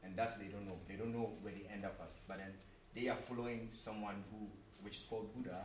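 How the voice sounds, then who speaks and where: A man's voice: lowish voice, steady tone, fast talker. A man preaching a sermon in an earnest way, repeating himself and asking rhetorical questions, recorded in a church hall from a distance. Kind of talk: sermon with a told joke. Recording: roomy echo, mic far off, faint hum.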